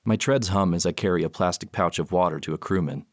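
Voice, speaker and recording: This low-sitting male voice delivers scripted audiobook narration at an even, measured pace. The recording is clean studio sound with no room sound.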